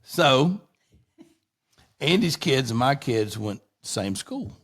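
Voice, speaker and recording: A man's voice: mid-range voice, very animated, slow pace, a bit bright. A middle-aged man, a guest on an interview show, telling long rambling anecdotes in a casual way and often restarting his sentences.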